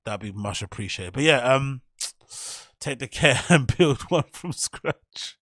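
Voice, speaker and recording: A man's voice: medium pitch, expressive, measured pace, a bit bright, dry recording. Guy chatting on his stream, loose and sweary, dry close sound. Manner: swearing, slangy, rambling. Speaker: streamer host. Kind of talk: casual live-stream chat.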